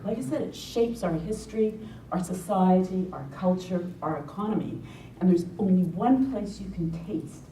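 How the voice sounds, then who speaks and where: New Zealand woman, wry talk in echoey hall. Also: warm tone. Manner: wry, sarcastic asides. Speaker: conference presenter. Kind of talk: conference talk. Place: conference hall. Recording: echoey hall from far off, faint rumble.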